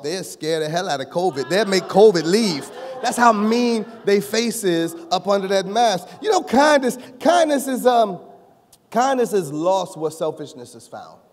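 A male pastor preaching a sermon, joking with the congregation and rising to shouts. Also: sits high, unhurried. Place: church sanctuary. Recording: long reverb of a church hall.

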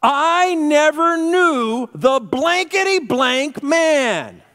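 A man voicing a brash, boastful disciple who blusters loudly and defiantly. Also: very high-pitched, animated, very slow, pitched above the performer's own voice, exaggerated voice. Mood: furious. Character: brash boastful male disciple, hot-headed. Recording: reverberant church hall.

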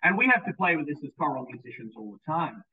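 A husky-voiced man, a music teacher, talks through his presentation with eager enthusiasm, stumbling over repeated words and frequent ums. The sound is thin and tinny, like a phone line. He sits at some distance from the mic. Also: fairly high pitch, sing-song, quick pace. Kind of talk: recorded presentation.

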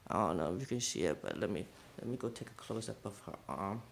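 A man's voice: fairly low pitch, expressive, fast, vocal fry. A man filming a casual vlog at home, chatting to viewers and calling his dogs. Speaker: vlogger. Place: at home, then in a garage. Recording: noisy home video.

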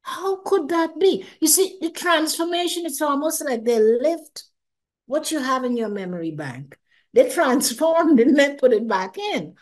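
Expressive older woman telling her story. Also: high-pitched, moderate pace. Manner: expressive, acts out her own past thoughts, laughs often, repeats words. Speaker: interview guest recounting a near-death experience. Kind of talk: animated personal storytelling.

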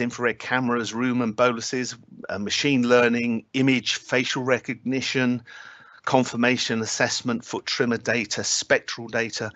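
A man's voice: mid-range voice, fairly bright tone, no echo, muffled recording. A man giving an academic talk at an online scientific symposium, hesitant with frequent filler sounds, with touches of dry humour. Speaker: invited speaker at a scientific symposium.

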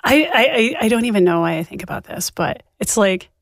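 A woman's voice: on the high side, animated, a little fast, creaky, no room sound, clean studio sound. Wry, sarcastic woman podcast co-host. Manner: sarcastic and wry, laughs often. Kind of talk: casual chat.

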